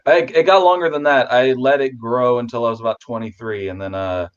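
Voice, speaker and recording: A man who is a guest on a casual video chat, rambling with restarts, talking warmly about his pets. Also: medium pitch, a little fast, lo-fi sound.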